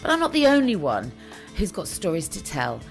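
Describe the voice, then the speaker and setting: A woman host reading a scripted introduction in a lively, upbeat way. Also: lowish voice, brisk, creaky, soft background music. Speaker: podcast host.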